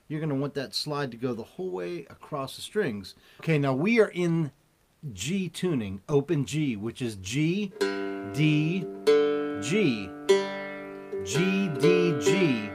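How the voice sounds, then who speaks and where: A man teaching a relaxed guitar lesson, explaining in an easygoing way while he plays. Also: a little high. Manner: slow, easygoing, demonstrates while talking. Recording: loud guitar under the voice. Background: loud cigar box guitar playing.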